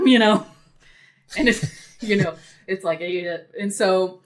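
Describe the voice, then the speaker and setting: A woman's voice: medium pitch, a crowd in the background. A woman guest on a podcast, a dungeon master, talking casually and thoughtfully with lots of fillers. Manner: unhurried, thoughtful, many fillers.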